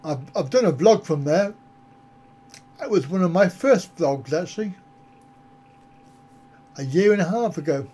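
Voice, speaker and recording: A man's voice: a little high, animated, unhurried, pauses often, dark tone. A man hosting a travel vlog live stream, chatting with viewers in a jokey, rambling, easygoing way.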